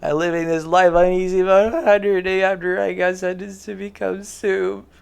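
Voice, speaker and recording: A vlogger reacting to memes in casual commentary, tired and talking with low-energy, flat mumbling delivery. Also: normal speed, gravelly, clear, resonant tone.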